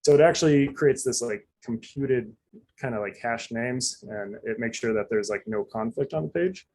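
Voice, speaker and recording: A man's voice: medium pitch, expressive, moderate pace, gravelly, darkish tone, slight background noise, rough recording. A man giving a casual live coding demonstration, chatty and loose, full of fillers and asides. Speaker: presenter.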